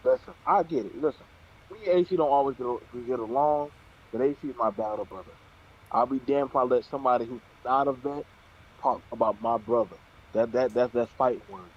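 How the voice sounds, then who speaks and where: A man's voice: medium pitch, a little fast, breathy edge. A man hosting a heated panel talk, blunt and profane. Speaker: show host. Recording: dull lo-fi audio.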